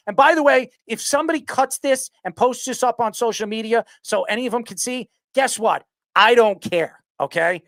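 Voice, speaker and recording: A man hosting a sports podcast who rants loudly and passionately, arguing hard and often raising his voice. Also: extremely high pitch, expressive, fairly quick, no echo. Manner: loud, passionate, yells his arguments. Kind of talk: heated sports talk rant.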